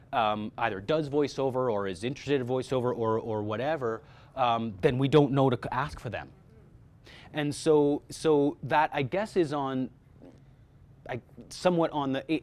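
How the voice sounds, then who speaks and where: A man speaking informally to a workshop audience about voice-over casting, animated, with frequent restarts and repeated words. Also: mid-range voice.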